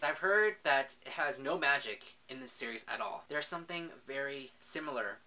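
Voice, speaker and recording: Young guy book vlogging, chatty and gushy, bright forceful voice. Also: medium pitch, expressive, moderate pace. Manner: chatty, gushing, says "literally" a lot. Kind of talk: casual book review vlog.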